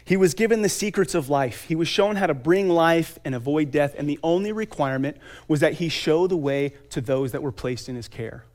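A man in his thirties giving an earnest motivational talk at a conference, with dramatic pauses and emphatic lists. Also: on the high side, a little mellow.

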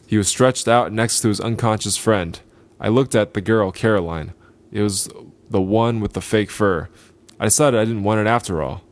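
This is a podcast host reading a gritty short story out loud. He is a man with a steady voice on the lower side, and he takes each line deliberately and without hurry.

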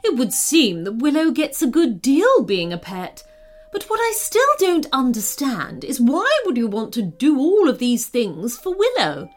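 A woman's voice: sits high, wildly swooping pitch, a little slow, exaggerated voice. A woman voicing a serious, regal female red panda queen for a storybook reading.

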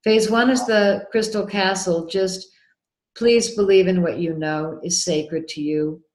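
A woman guest telling an animated personal story in an interview, acting out the voices of people in it. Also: fairly low pitch, unhurried. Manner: excitable, acts out remembered dialogue. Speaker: guest, documentary filmmaker. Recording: roomy echo.

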